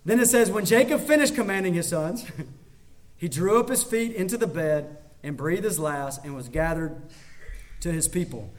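A man's voice: sits high, animated, normal speed. A man preaching a sermon as a pastor, talking conversationally with emphatic repetition.

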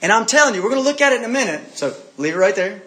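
Male preacher, high voice, lively and insistent, repeats points, asks listeners questions. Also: rapid-fire, slight background noise. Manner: animated, repetitive preaching with direct questions to listeners. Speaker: pastor. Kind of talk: sermon.

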